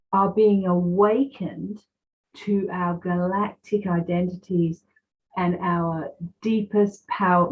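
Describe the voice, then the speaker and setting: A woman guest giving spiritual guidance over a video call, slow, measured and emphatic. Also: lowish voice. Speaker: guest psychic. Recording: dull, slightly lo-fi.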